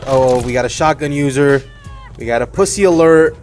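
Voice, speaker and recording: A young man streaming a shooter game, commentating casually, cursing often and reacting loudly to kills and deaths. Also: mid-range voice, normal speed. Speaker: gaming streamer. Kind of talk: live gameplay commentary. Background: game music and gunfire.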